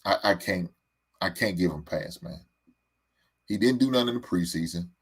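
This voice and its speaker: Low-pitched male sports host, exasperated fan rant, stammers and repeats. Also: lively intonation, normal speed, husky.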